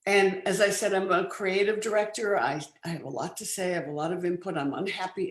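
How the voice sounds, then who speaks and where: An older woman, a film producer, chatting as an interview guest, telling lively stories with many restarts. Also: lowish voice. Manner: lively anecdotal storytelling, frequent laughs and restarts. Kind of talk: casual interview chat. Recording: roomy studio sound.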